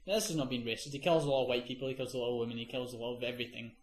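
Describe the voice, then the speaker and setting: A man hosting a casual comedy podcast, rambling through a film's plot and dropping into a low voice for the quotes. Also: racing, reverberant. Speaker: podcast host. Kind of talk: casual comedic chat, retelling a film.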